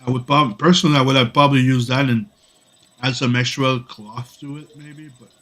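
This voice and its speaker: A man's voice: medium pitch, fairly even intonation, fairly quick, a bit bright. Sick male streamer, casual rambling chat while drawing. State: sick with a cough. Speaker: comic artist streaming.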